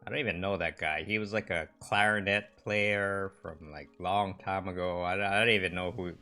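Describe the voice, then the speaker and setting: A man's voice: deep voice, fairly even intonation, pushed and bright, faint music behind. A man casually chatting with live viewers on a stream, rambling with many fillers and restarts. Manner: rambling, halting, lots of fillers. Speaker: livestream host.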